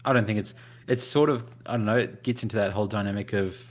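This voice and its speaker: A man's voice: on the low side, steady tone, fast. A man co-hosting a podcast, rambling and thinking aloud in casual chat. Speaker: podcast co-host.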